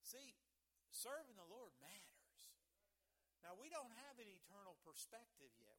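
A man preaching a sermon as pastor, swinging between loud emphatic lines and quiet asides, drawing the congregation into call and response. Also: high-pitched. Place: church sanctuary.

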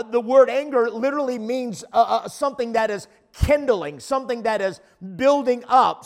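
High-voiced man preaching emphatically. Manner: emphatic preaching with frequent repeated restarts. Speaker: pastor. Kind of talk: sermon.

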